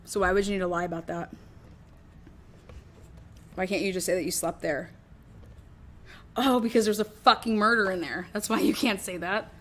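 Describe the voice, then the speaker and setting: A woman's voice: medium pitch, steady tone, moderate pace, long pauses, a bit bright, slight background noise. A woman hosting a true crime show, talking through her theory in a rambling, casual way, swearing often and acting out what others might have said.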